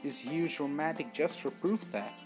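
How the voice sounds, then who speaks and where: A man's voice: on the high side, moderate pace, over music, close to an everyday voice. A man reading a supportive young man.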